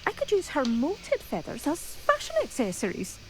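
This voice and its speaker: A woman with a soft Scottish accent voicing a gentle woman in a video game who dotes on a rare bird. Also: high voice, wildly swooping pitch, moderate pace, noisy background. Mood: earnest. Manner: soft, doting, earnest. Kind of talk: game character dialogue.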